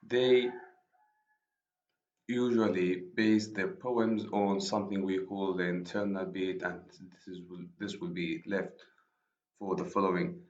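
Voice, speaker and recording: Man, Arabic first language, university lecturer, slow repetitive explaining, echoey room, muffled lo-fi recording. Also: deep voice. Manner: explains slowly, repeats and rephrases himself. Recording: echoey room, dull lo-fi sound.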